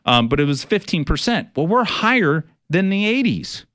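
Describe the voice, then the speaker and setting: A man's voice: on the high side, very animated, normal speed, fairly bright tone, no echo, clean studio sound. A middle-aged man, a financial advisor hosting a radio show, talking casually with many fillers, restarts and some wry sarcasm.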